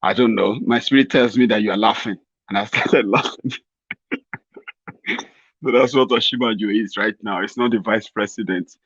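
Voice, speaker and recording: A man's voice: on the low side, fairly even intonation, normal speed, pauses often, a bit bright, husky, no echo, dull audio. A Nigerian man giving a rambling, mocking satirical political commentary to his viewers. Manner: mocking, rambling, chuckles at his own jokes.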